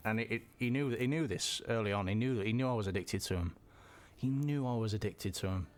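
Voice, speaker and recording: A man telling a personal story in a halting way, often repeating words and restarting. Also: on the low side. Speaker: vlogger.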